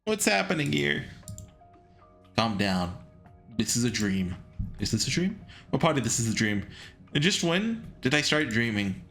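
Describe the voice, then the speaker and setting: A man's voice: medium pitch, very animated, a little slow, creaky, long pauses, fairly bright tone, soft background music, pitched below the performer's own voice, exaggerated voice. A man reading as a frightened young man. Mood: anxious. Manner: panicked self-questioning, rising to frantic. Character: young man, frightened protagonist unsure what is real.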